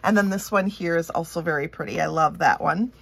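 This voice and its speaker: A woman's voice: on the low side, a little fast, creaky, breathy edge. Woman, Minnesotan accent, craft instructor, casual tutorial talk, thinks aloud while working.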